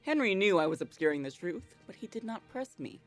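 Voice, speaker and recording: A woman voicing a guilt-ridden, centuries-old male vampire narrator in a slow, somber, low reading. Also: sing-song, soft background music, natural voice. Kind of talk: reading a visual novel aloud.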